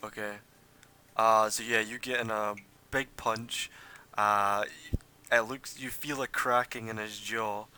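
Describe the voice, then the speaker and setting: A man's voice: lowish voice, little pitch movement, slow pace, bright, forceful tone, clean tone. A young man narrating a tabletop game as game master, rambling with many fillers.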